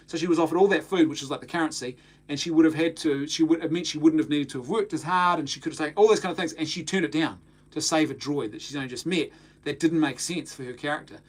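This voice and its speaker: Man with a kiwi accent, casual live-stream host, lively voice, stop-start restarts, fairly high pitch. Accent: New Zealand. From New Zealand. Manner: animated, frequent restarts and repeated words. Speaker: host of a film talk stream.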